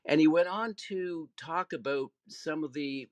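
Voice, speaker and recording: A man's voice: fairly high pitch, a little slow, no room sound. Earnest man with a dry, close sound. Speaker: panel guest. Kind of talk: conversational panel talk.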